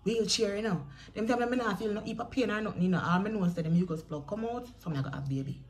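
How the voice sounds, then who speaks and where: A woman's voice: mid-range voice, quick pace. A young Jamaican woman in a chatty storytelling vlog who speaks straight to her viewers. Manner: chatty, addresses viewers directly, acts out quoted voices. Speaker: vlogger.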